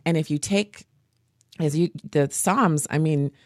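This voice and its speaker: A woman hosting a faith podcast, telling stories in an animated, earnest way. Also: low-pitched, a little slow, dry recording, studio quality. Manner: animated, earnest storytelling with laughs. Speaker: podcast host. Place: home studio.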